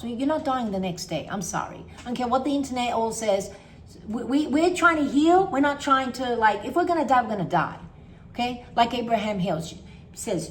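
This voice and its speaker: A woman talking casually to camera as a wellness coach, emphatic and repetitive, acting out her own anxious thoughts. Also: on the high side.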